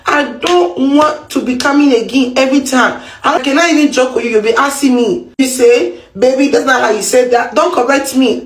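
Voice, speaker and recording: A woman with an East African accent tells a comic story in an animated, playful way. Her voice sits a little high. The room has a noticeable echo. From Kenya. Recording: roomy echo.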